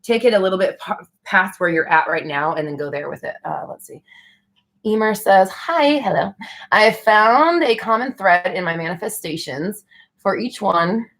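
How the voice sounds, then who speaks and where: A woman's voice: medium pitch, lively intonation, moderate pace, fairly bright tone. A young woman hosting a casual live stream, answering viewer questions in a chatty, frank way with casual swearing.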